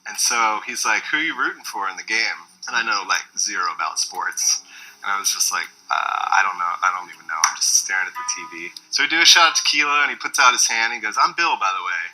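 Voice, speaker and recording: A man telling a casual anecdote, animated and acting out the voices of the people in it. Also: on the low side, fast, faint music behind, rough recording. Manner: animated, acts out quoted voices. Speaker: storyteller in a documentary.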